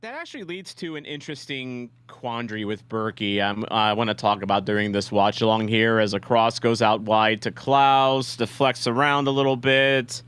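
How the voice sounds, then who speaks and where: A young man hosting a fan watch-along, reacting live to a match in a rambling, excitable way. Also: medium pitch, normal speed, hardly any pauses, smooth, no echo. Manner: excitable, rambling, shouts at big plays.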